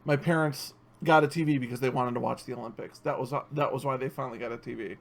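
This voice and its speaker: A man's voice: mid-range voice, steady tone, fast, creaky. A man hosting a podcast in casual chat, blunt and teasing, swearing freely. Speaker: podcast host.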